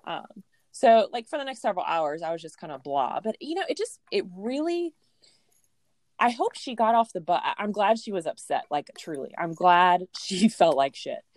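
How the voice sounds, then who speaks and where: A woman in her thirties telling a personal story in a casual, animated way, laughing often and acting out what people said. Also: lowish voice, moderate pace, dry recording, studio quality. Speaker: storyteller guest.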